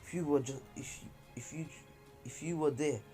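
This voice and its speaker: A man's voice: a little high, moderate pace, dark tone, voice pushed up, natural voice. Man doing a young girl ninja, defensive, sulky, barely changed from his own voice, faint music under it. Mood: accusing. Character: young female ninja, defensive and self-pitying.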